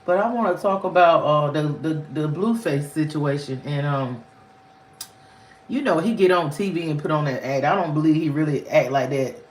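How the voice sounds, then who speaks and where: A woman chats on a livestream in a loose, rambling storytelling style. Her voice jumps high and drops low as she talks. The room around her has a noticeable echo. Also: normal speed. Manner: candid, rambling, with frequent pitch swings. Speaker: livestream host. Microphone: phone or webcam on a livestream.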